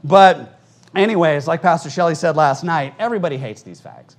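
A male pastor delivering a fiery conference sermon to a live audience, telling stories fast and acting out the people he quotes. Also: a little high. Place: church conference hall with audience.

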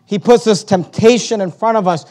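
A man preaching a sermon, swinging between loud emphatic surges and quieter explaining, with lots of repetition. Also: high-pitched, moderate pace. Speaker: pastor.

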